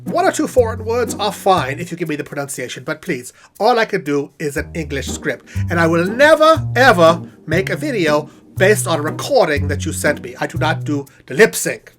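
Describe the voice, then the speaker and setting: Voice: very animated, moderate pace, few pauses, fairly bright tone, soft background music. A performer voicing a vain male puppet professor who talks to camera as a comic spokesman, theatrical and sassy. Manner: theatrical, sassy, swooping pitch. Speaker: puppet spokesman for custom videos. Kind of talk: comic scripted monologue to camera. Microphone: on-camera puppet set.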